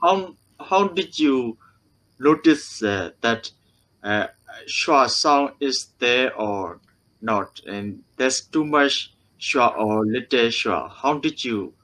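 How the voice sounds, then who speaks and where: A man's voice: medium pitch, expressive, takes it slowly, a bit bright, poor audio. A man from Myanmar, learning English pronunciation, asking hesitant questions and repeating words after his teacher. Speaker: English learner and channel host.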